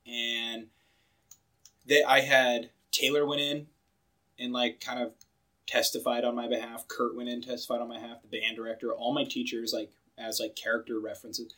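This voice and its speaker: A man's voice: mid-range voice, moderate pace. A young man co-hosting a podcast, chatting casually and animatedly, acting out quotes and saying "like" a lot. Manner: animated, acts out quoted voices, filler-heavy. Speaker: podcast co-host.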